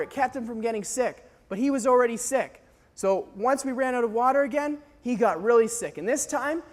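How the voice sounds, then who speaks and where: A young man telling a dramatic story to an audience, acting out scenes with animated delivery. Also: very high-pitched, in a large hall. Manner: animated, acts out scenes, sometimes shouts. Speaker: speaker telling a mission story.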